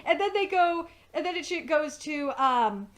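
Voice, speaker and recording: Woman, high-pitched, casual episode recap, rambling, swearing, lots of fillers. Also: expressive, normal speed, fairly bright tone. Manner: rambling, profane, full of "like" and "um". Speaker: TV episode reviewer.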